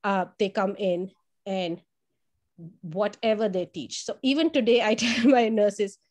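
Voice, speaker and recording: Animated woman telling child care stories. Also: medium pitch, unhurried. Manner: animated storyteller who acts out quotes in a raised voice; repeats words while thinking. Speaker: family child care provider. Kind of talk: conversational testimonial.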